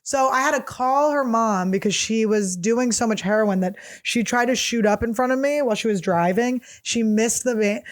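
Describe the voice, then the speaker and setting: A woman's voice: a little high, moderate pace, few pauses, dry recording, clean studio sound. A woman in her thirties hosting a solo podcast, telling rambling, profane, jokey stories in a casual chat. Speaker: podcast host.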